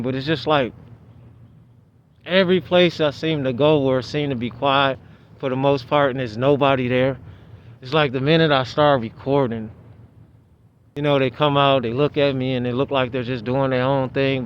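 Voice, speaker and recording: A man's voice: medium pitch, a little hiss or hum. A man telling a story in a casual, rambling vlog monologue, with many restarts. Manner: rambling, restarts, animated retelling. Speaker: vlogger. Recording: dull lo-fi outdoor recording.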